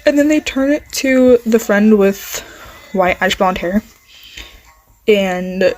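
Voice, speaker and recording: Woman rambling thru a listener roleplay story, super slow, lots of ums n sorrys, quiet music going behind her. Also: medium pitch, poor audio. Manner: rambling, heavy on fillers, apologizes and restarts. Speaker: channel host. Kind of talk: improvised second-person listener role-play narration. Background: faint music playing.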